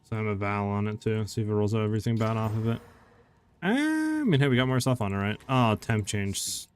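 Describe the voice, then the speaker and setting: A low-voiced man streaming a game and talking to his chat as he plays. He keeps up a laid-back, chatty stream of comments and asides. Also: level tone, fast, a little hiss or hum. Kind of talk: casual live-stream chat while gaming.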